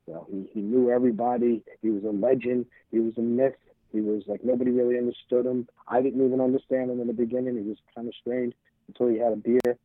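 A man's voice: mid-range voice, dry recording. A middle-aged man telling stories as an interview guest, rambling and stumbling over repeated words while acting out old conversations. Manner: rambling, repeats words, acts out quoted dialogue. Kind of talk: casual storytelling. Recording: tinny phone-like audio.

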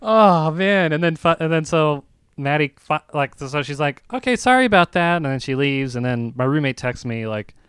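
Animated high-voiced man telling a story. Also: moderate pace, clean tone, no echo, studio quality. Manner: animated storyteller acting out quoted lines. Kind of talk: casual chat.

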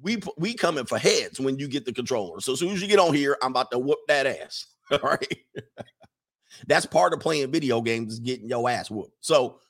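A man's voice: medium pitch, normal speed. Male commentator, casual monologue, colloquial, leans on "all right," mocking impressions. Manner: animated, mocking impressions, frequent laughs.

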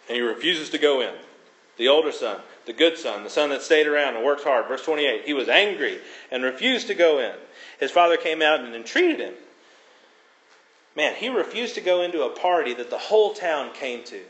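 A man preaching a sermon, expounding on scripture with expressive emphasis and dramatic quotes. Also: fairly high pitch. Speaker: pastor. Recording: echoey room.

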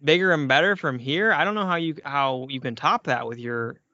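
A man's voice: fairly high pitch, brisk, sharp tone. A man co-hosting a podcast, reacting with effusive, mock-amazed delight. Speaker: podcast co-host. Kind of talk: casual comedy chat. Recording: slightly muffled lo-fi audio.

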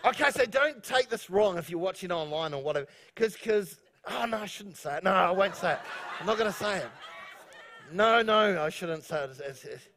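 A man's voice: high voice, animated, a little fast, bright, forceful tone. A male pastor from New Zealand preaching a sermon in a joking, rambling way, laughing often and restarting his sentences.

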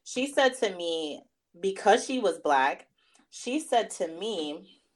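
A woman fashion stylist, a guest in a casual interview, telling a story in an animated way, acting out quotes with many fillers. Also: mid-range voice, takes it slowly. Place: New York area.

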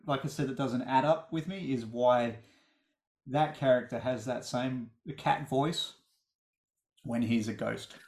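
A man's voice: mid-range voice, unhurried, vocal fry, a little mellow, echoey room. A man co-hosting a podcast, chatting casually about a film, rambling and restarting his sentences. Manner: rambling, restarts often, chuckles. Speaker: podcast co-host. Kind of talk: casual film review chat.

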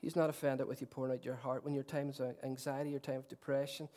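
A middle-aged pastor preaches a sermon in a medium-pitched, flat voice, talking fast. He's earnest, swinging between loud declarations and soft, tender passages, and he pokes fun at himself along the way.

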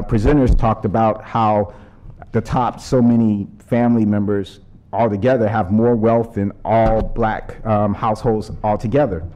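A man giving a prepared speech as a panel speaker. His measured, earnest delivery turns loose and conversational when he strays from his text. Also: mid-range voice, dark tone. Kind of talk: prepared speech with ad-libbed asides.

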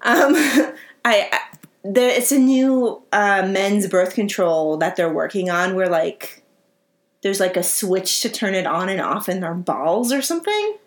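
A woman's voice: mid-range voice, lively intonation, a little slow. A young adult woman co-hosting a casual podcast chat, teasing and laughing often. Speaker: podcast co-host.

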